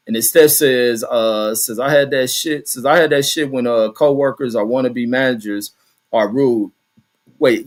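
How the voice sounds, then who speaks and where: A middle-aged man hosting a show, telling a work story and reading viewer comments aloud, casually and with a lot of cursing. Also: medium pitch. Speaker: host.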